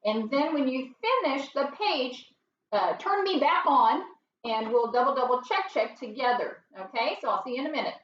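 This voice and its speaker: Woman teacher, high voice, slow patient phonics lesson, echoey room, mic a bit far. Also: expressive, a bit bright, highs cut off, slight background noise. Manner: slow, patient, sounding out words.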